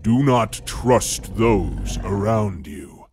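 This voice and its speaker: A man doing a deep, menacing beast. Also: darkish tone, slight background noise. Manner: slow, threatening, contemptuous. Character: huge menacing male wolf-like beast, snarling. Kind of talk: storybook horror narration.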